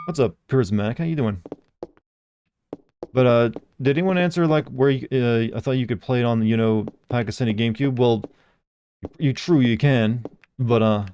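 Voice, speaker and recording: A man's voice: mid-range voice, mellow, slight background noise. A young man casually commenting while he plays a game on a live stream, rambling and reading chat messages aloud.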